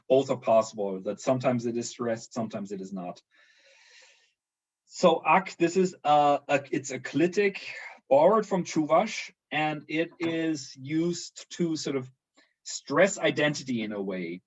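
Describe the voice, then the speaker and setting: A man's voice: mid-range voice, muffled recording. A man teaching a university language lesson online, explaining at length with many fillers and restarts.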